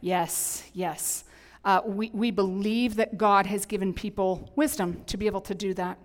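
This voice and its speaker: A middle-aged woman pastor preaching a sermon in an animated, emphatic, conversational way with humorous asides. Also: mid-range voice, unhurried. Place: church sanctuary. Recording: long hall reverb.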